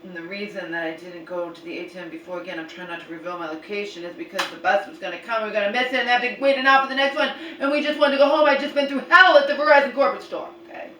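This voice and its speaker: A woman's voice: mid-range voice, steady tone, rapid-fire, hardly any pauses, sharp tone, roomy sound, far from the mic, rough recording. A woman vlogging a rambling, exasperated story and retelling arguments, swearing now and then.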